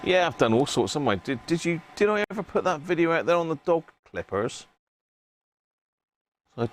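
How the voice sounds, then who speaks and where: A man's voice: medium pitch, slight background noise. A British man hosting a livestream, chatting casually and rambling while he works on a radio repair, often laughing at himself. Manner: chatty, rambling, self-mocking.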